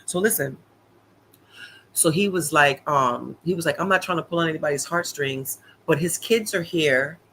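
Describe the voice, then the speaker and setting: Talkative male live-streamer, fairly high voice, animated recap, slight background hiss. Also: moderate pace, rough recording. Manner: animated, chatty, many fillers and repeated "honey, listen".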